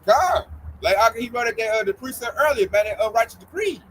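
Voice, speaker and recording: A man with a very high voice leads a casual religious group talk. He is animated and mocking. Faint noise sits under his voice. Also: brisk, low-quality recording. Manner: animated, mocking, acts out scared people.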